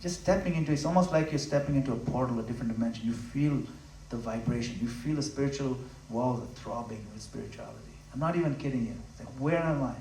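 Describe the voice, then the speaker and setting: A man giving a devotional talk at a home gathering, impassioned and conversational, swinging from loud emphatic peaks to low, intimate asides. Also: slight background noise. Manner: conversational, acts out quick voices of listeners. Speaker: spiritual speaker. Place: room in a home. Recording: roomy, from a distance.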